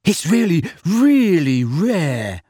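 An earnest teenage boy with a nervous, eager way of talking, put on by a man reading aloud. His voice sits high and lively and jumps around. The storybook sound is dry and close. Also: normal speed, breathy edge, no room sound. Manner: eager and flustered.

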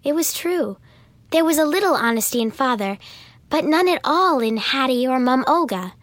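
High-voiced woman reading a storybook. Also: lively intonation, normal speed, a bit bright, no room sound. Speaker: audiobook narrator. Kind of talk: first-person storybook narration.

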